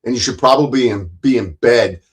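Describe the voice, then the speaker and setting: A man's voice: mid-range voice, a little fast, low-quality recording. Profane, taunting livestream man. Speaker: livestream host. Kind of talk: livestream chat rant.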